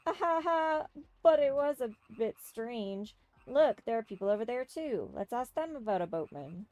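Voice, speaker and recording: A woman's voice: on the high side, sing-song, normal speed, a little mellow, no echo, lo-fi sound, voice pushed up. A woman voicing a teasing young girl companion.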